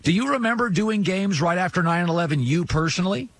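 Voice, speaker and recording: A man's voice: high-pitched, lively intonation, fast, fairly bright tone. Male sports talk host over faint hiss. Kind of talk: interview conversation.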